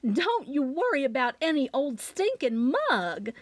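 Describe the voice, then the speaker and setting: Worried mama read by a woman, high and shaky, fussing. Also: very animated, unhurried, no room sound. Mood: relieved. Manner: anxious, trembling. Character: worried, doting mother.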